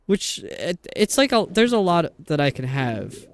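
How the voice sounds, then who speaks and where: A man's voice: on the high side, very animated, a little slow. A man from New York with a New York accent, chatting and rambling casually while streaming a game. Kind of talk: casual chat while gaming.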